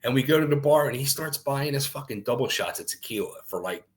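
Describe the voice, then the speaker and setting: A man's voice: medium pitch, fast talker, rough recording. A middle-aged man telling stories as a guest on a talk show, swearing freely and acting out what others said. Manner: animated, swears freely, acts out quotes. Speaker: guest, former wrestler. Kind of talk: casual storytelling.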